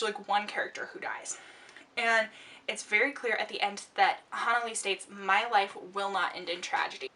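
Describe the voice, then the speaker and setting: A woman reviewing a book while she does her makeup, talking in an excited, gushing way with lots of fillers and restarts, and sounding a bit out of breath. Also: medium pitch, far from the mic.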